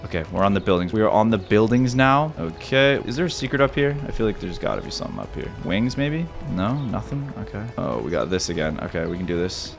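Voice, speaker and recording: A young man commentating his own platformer run, excitable, repeating himself and yelping and gasping at near misses. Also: lowish voice, fast, gravelly, hardly any pauses, over music. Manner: excitable, repeats phrases, yelps and gasps. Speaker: gaming YouTuber. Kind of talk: let's-play commentary.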